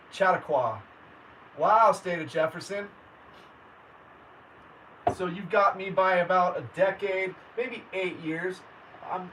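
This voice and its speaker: This is a man in his forties, the host of a casual livestream, chatting warmly with his viewers and reading out their names as he goes. His voice sits a little high for a man. He's picked up from some distance, with a faint hum of background noise. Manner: friendly, chatty, addresses viewers by name.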